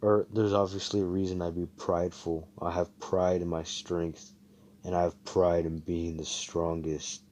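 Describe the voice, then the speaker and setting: A man's voice: low-pitched, little pitch movement, unhurried, darkish tone, slight background noise. A man voicing a brash, cocky young male knight who swears and boasts. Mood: boastful.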